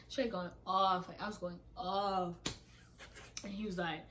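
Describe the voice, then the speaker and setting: This young woman, of Nigerian heritage and speaking English, tells a casual storytime vlog in a fairly low voice. She's a little slow and pauses often, yet animated, acting out her own texts and going off in heated bursts. There's slight background noise.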